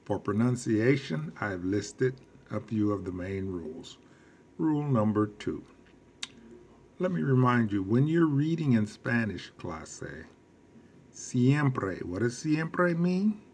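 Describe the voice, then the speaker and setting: Man, Spanish teacher, very slow, deliberate, quizzing tone, faint room ambience. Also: medium pitch, big pitch swings, a little mellow, slight background noise. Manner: repeats key phrases for emphasis. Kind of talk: recorded classroom lesson.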